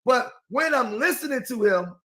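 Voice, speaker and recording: A man's voice: very high voice, animated, normal speed, bright, forceful tone. A man with an African American English accent in a casual discussion, speaking passionately and insistently. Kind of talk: casual talk-show discussion.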